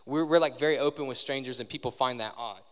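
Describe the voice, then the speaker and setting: A man's voice: medium pitch, quick pace, a bit bright, smooth. A young man preaching a sermon to a live audience in a large church hall, talking conversationally and quizzing the crowd. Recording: long hall reverb from a live service.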